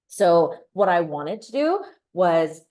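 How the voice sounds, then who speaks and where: A woman's voice: fairly low pitch, big pitch swings, slow pace, a little mellow. A woman in her thirties giving a presentation, telling a candid personal story and sometimes restarting or repeating words. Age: 30s.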